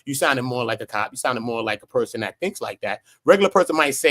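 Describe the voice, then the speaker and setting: A man's voice: mid-range voice, animated, fast, few pauses, a bit bright. A man on a panel who talks in street slang and acts out what people say. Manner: street talk, acts out quotes. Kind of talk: live panel discussion.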